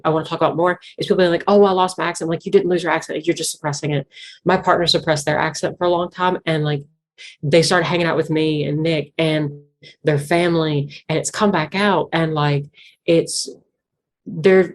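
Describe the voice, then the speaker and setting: Low-voiced Appalachian woman rambling earnestly. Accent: Southwest Virginia Appalachian. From Southwest Virginia. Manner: rambling, earnest, heavy use of "like" fillers. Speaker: interview guest, banjo musician. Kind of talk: casual conversational interview.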